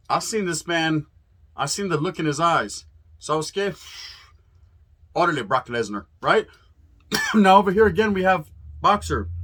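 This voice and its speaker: Sitting high, with a sharp tone and a breathy edge, this man's voice drives a hyped fight promo. He's a Californian host, swearing freely and mixing Spanish words into his street slang.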